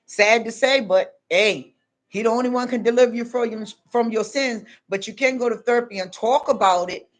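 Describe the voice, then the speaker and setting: A woman vlogger delivers a spiritual pep talk to her audience. She talks emphatically and repeats herself, mixing street slang with preachy advice in a voice of ordinary pitch. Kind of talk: preachy motivational monologue.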